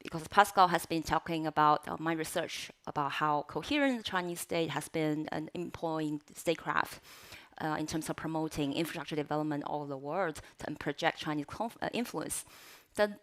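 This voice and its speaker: Conference panelist, woman, low-pitched, coughing and talking around a throat lozenge, measured with many ums. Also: fairly bright tone. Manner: measured, with frequent fillers and self-corrections. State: has a cough, voice altered by a cough drop in her mouth. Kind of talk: academic panel talk.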